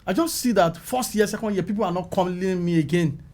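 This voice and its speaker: A middle-aged Nigerian man tells his story with a fairly high voice. He acts out the people in his story, and his voice jumps up whenever he quotes someone. He sounds like a guest sharing his career in an interview. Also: a little fast. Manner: animated, acts out calls and quotes with rising pitch. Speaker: film makeup artist, guest.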